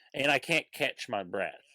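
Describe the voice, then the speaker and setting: A man's voice: medium pitch, bright, forceful tone, no room sound. A man casually telling a funny story on a podcast, swearing and acting out the voices of the people he quotes. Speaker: comedian guest.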